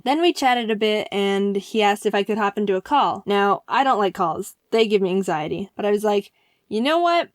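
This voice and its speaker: Excitable lady doing storytime narration, kinda high voice, dry voice-over. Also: dry recording. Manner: excitable, jokey, with sudden loud outbursts. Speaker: animator telling a story.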